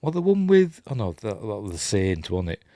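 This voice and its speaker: Chatty Yorkshire man with a lively, lowish voice. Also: moderate pace, no room sound, studio quality. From Yorkshire, England. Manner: rambling and chatty, chuckling, acting out quoted lines in raised voices. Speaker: film review host. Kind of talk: casual film breakdown.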